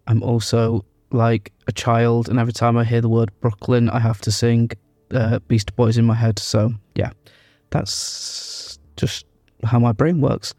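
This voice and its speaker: A man's voice: mid-range voice, completely flat delivery, moderate pace, darkish tone, no room sound, clean studio sound. A young man, hosting a podcast and chatting casually, rambling with lots of ums and fillers. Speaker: podcast host. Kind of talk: casual podcast intro chat.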